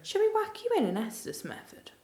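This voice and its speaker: A woman investigating an abandoned hospital at night, chatting teasingly and often dropping to hushed whispers. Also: a little high, wildly swooping pitch, normal speed, echoey room. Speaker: paranormal investigator. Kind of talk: casual chat on a ghost hunt.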